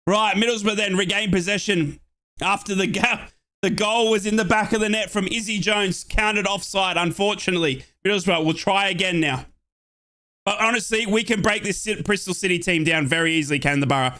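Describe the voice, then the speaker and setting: A young Australian man giving excited fan play-by-play on a football match and chatting with viewers from his home office. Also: high-pitched, brisk. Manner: excitable, shouts at chances, chats with viewers. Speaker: watchalong streamer.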